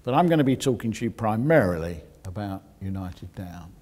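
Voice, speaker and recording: Guy with a lowish voice doing a public science talk, explains step by step, dry little jokes. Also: animated, fairly quick, a little mellow. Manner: explanatory, with dry asides to the audience. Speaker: geoscientist giving a public lecture.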